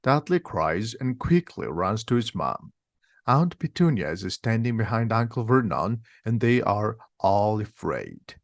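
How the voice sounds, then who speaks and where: A man slowly reading a simplified storybook aloud for language learners. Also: lowish voice, very animated, no echo, studio quality. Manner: slow, simple, clearly paced. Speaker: reader. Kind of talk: slow graded-reader story narration for learners.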